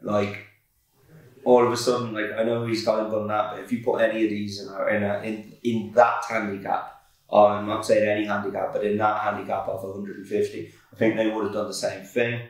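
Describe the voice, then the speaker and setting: A man's voice: lowish voice, little pitch movement, a little fast. A man co-hosting a horse racing podcast in a casual, laid-back chat from an office, full of fillers and restarts. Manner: laid-back, filler-heavy, self-correcting. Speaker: podcast co-host, racing tipster. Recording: echoey room, far from mic.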